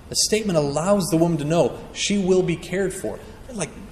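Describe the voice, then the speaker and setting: A man's voice: a little high, darkish tone, a little hiss or hum. A man preaching a sermon, earnest and emphatic, acting out quotes as he teaches. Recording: echoey hall with long reverb.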